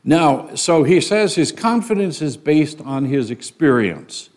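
A man's voice: fairly high pitch, very animated, measured pace, darkish tone. Older man teaching a sermon. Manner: conversational, frequent fillers and restarts. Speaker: Bible teacher.

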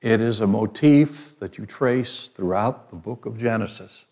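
Slow mellow guy preaching a sermon, reads scripture then explains it, asks the crowd questions. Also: on the low side. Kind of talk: sermon, Bible teaching.

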